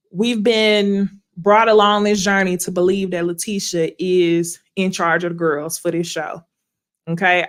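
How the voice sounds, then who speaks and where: A woman hosting a casual reality TV recap, animated and blunt, swearing freely and laughing often. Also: medium pitch. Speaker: host.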